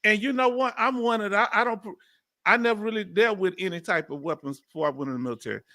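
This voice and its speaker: A bright, high-pitched man with a Southern US accent hosts a relaxed livestream chat from home. He talks loosely and reads viewer comments aloud between questions to his guest. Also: fast talker. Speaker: livestream host.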